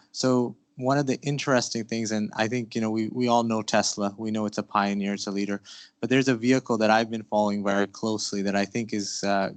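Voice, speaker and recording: A man's voice: on the low side, no echo. A man moderating a conference panel, upbeat and enthusiastic, asking the audience questions with frequent fillers.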